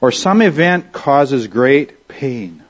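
A man's voice: mid-range voice, animated, slow pace. Earnest preaching man, dull lo-fi sound. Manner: earnest, conversational preaching with rhetorical questions. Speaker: pastor. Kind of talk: sermon.

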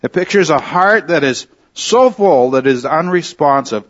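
A man preaching an expository sermon, teaching slowly and deliberately, repeating key phrases for emphasis. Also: fairly high pitch, animated, fairly bright tone, highs cut off. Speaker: pastor.

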